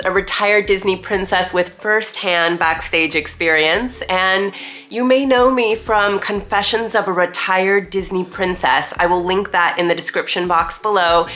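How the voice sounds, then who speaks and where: A woman's voice: medium pitch, a bit bright. A woman in her thirties, sounding nasal and congested from a cold, chatting casually and reminiscing in a vlog. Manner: chatty, reminiscing, laughs easily. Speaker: vlogger, retired theme park performer. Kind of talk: casual talking-head chat.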